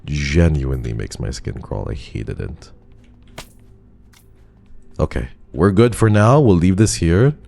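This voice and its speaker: A man's voice: extremely low pitch, lively intonation, slow pace, gravelly, long pauses, warm tone. A male streamer giving live commentary on a game, talking to his chat and swearing in frustration.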